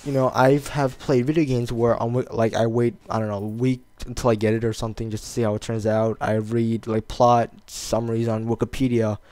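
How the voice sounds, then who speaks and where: Teen male vlogger, average pitch, hesitant and rambling, heavy on fillers. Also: little pitch movement, fairly quick, few pauses, a little mellow, no echo. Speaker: video blogger. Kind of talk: casual rambling monologue.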